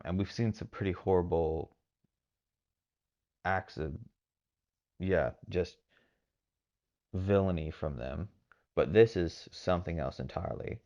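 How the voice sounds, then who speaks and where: A man's voice: low voice, creaky, darkish tone, dull audio. A man from Texas hosting a podcast, giving rambling casual commentary with lots of fillers and hedges. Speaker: podcast host.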